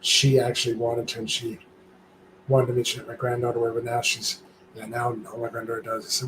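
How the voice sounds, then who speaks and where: Older man telling an animated story. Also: medium pitch, brisk, noisy background. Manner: animated storytelling, acting out quoted voices. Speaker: guest. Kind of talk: casual live-stream chat.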